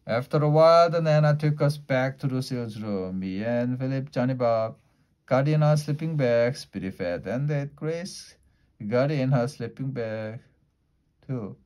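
A man reading a children's storybook aloud in a lively way, shifting his pitch and loudness for the characters' lines. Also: a little slow. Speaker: storybook reader.

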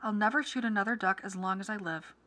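A woman's voice: mid-range voice, fast talker, fairly bright tone, lightly acted. A woman reading aloud and voicing a frightened father who pleads and promises eagerly. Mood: pleading.

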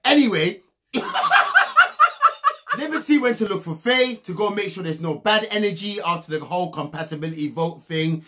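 Animated man ranting a TV recap. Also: a little fast, hardly any pauses, very noisy. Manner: mocking, animated, bursts into loud high laughs. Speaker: reality TV recap commentator. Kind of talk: comedic TV recap rant.

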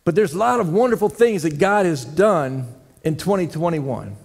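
A man's voice: on the high side, lively intonation, moderate pace, gravelly, breathy edge. A man preaching a folksy sermon to his church, telling jokes and asking the congregation questions. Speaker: head elder preaching. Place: church sanctuary. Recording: long church hall reverb.

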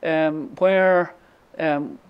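A woman's voice: low voice, fairly even intonation, very slow, clean tone, dull audio. An Irish woman in her seventies giving a lecture, telling a story with many ums and restarts. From Ireland. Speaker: guest speaker. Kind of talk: lecture with anecdote.

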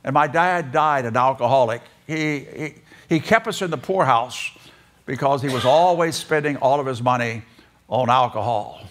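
A man's voice: mid-range voice, moderate pace, a bit bright. An older man giving a sermon in an auditorium, telling folksy childhood stories and acting out the voices in them. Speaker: preacher speaking in a seminary chapel. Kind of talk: storytelling sermon.

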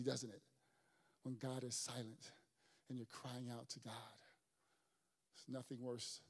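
A male pastor preaching a sermon with big swings, from shouted lines down to quiet, near-whispered ones. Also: medium pitch, big-room sound.

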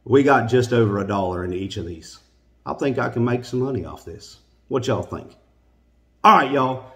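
A middle-aged man with a relaxed drawl talks straight to his viewers. He rambles in a folksy, chatty way while he unboxes, with plenty of fillers along the way. His pitch sits right in the ordinary middle for a man. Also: normal speed. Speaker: unboxing vlogger, host. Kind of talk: casual unboxing chat to viewers.

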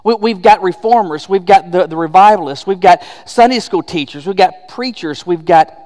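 A man's voice: high-pitched, moderate pace, a little mellow, big-room sound. A man preaching a sermon as pastor, emphatic and conversational, asking rhetorical questions. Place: church sanctuary.

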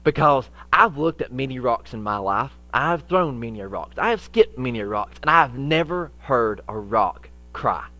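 A man preaching a sermon as pastor, with folksy phrasing, repeated phrases for emphasis, and dramatic swings between loud and hushed delivery. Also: medium pitch, lively intonation, moderate pace, hardly any pauses, soft background music.

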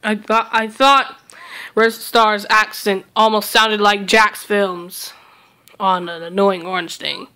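A young woman reacting out loud to a video she is watching, excitable and giggly, talking back at the screen. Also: mid-range voice, takes it slowly, smooth. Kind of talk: casual reaction commentary.

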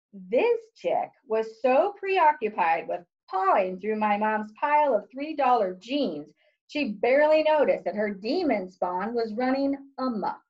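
A woman's voice: a little high, darkish tone, highs cut off. A woman reading her own book aloud in a wry, sarcastic, exasperated tone. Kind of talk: audiobook-style reading.

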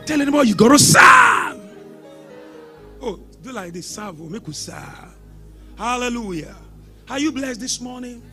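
A man preaching a sermon as pastor, shouting exhortations and breaking into sing-song lines. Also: very high-pitched, big pitch swings, normal speed, long pauses, soft background music.

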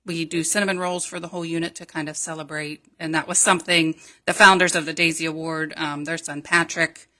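Bright-voiced woman, hospital guest. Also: low voice, flat delivery, fairly quick, hardly any pauses. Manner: friendly and informative, frequent ums. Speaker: hospital nursing representative, guest. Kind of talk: radio interview.

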